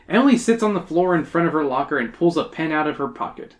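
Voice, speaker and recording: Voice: mid-range voice, lively intonation. A podcast host reading a storybook aloud and trading jokes with friends between passages. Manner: joking, quick asides. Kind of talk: casual read-aloud with banter.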